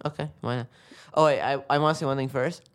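A man's voice: mid-range voice, fairly even intonation, fast talker, clean tone. A man co-hosting a casual soccer podcast, talking in an enthusiastic, rambling way with frequent restarts. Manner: enthusiastic, rambling, self-correcting. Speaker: podcast co-host. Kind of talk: casual sports chat.

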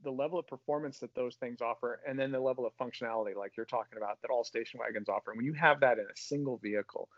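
A man's voice: medium pitch, rapid-fire, few pauses, fairly bright tone, no echo, muffled recording. A man on a car panel, explaining with enthusiasm and in full, articulate sentences. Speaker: automotive panelist. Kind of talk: casual panel chat.

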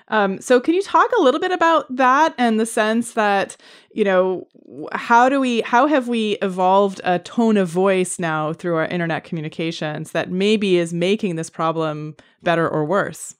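A woman's voice: mid-range voice, moderate pace, clear, resonant tone. Thoughtful woman host asking a question. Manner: thoughtful, hesitant with fillers. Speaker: interview host. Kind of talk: casual interview talk.

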